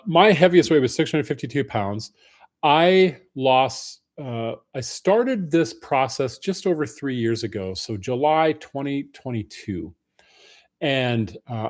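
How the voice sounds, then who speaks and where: Guy chatting on a livestream, friendly, shouting out viewers by name. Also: mid-range voice. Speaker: livestream host. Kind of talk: casual live Q&A chat.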